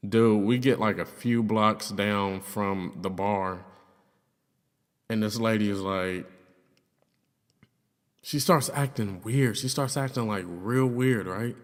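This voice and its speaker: A man's voice: on the low side, slow pace, pauses often. A young man casually telling a personal story, loose and profane, with lots of fillers. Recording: long reverb, hollow room sound.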